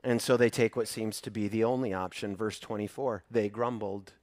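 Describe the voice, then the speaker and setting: A man preaching a sermon, animated, acting out the voices of the people in his story with loud bursts. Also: lowish voice, normal speed, dry recording. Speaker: pastor.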